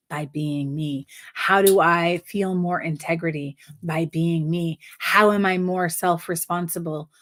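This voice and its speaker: A woman giving live numerology card readings, effusive and giggly, often repeating affirmations. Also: on the low side. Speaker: numerology reader.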